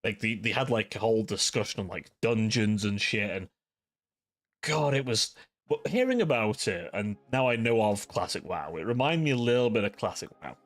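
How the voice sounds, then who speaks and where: A livestream host with a lowish, expressive voice chats casually with viewers at normal speed. He rambles and rants profanely, packing his talk with "like."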